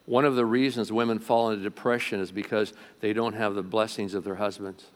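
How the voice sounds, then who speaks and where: A man preaching a sermon to a congregation as pastor, swinging between loud emphatic lines and quiet asides, often asking the room questions. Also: fairly low pitch, steady tone, a little fast. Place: church sanctuary before a congregation.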